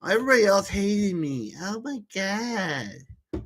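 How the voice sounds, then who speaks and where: A man's voice: high-pitched, sing-song, slow pace, slight background noise, voice pushed up, exaggerated voice. A man voicing a whiny, complaining woman who dramatizes her bad day.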